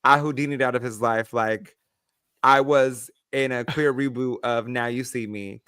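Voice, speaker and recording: Chatty male podcast co-host, animated storyteller, dry close mic. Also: medium pitch, measured pace, clear, resonant tone, dry recording. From Mexican-American. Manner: animated storyteller, acts out quoted voices. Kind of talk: casual chat.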